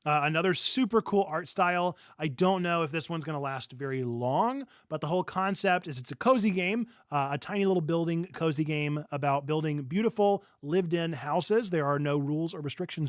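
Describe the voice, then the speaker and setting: A man's voice: on the high side, no room sound, clean studio sound. Upbeat man hosting a gaming stream. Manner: upbeat, enthusiastic, quick to laugh. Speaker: stream co-host. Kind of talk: casual chat on a gaming stream.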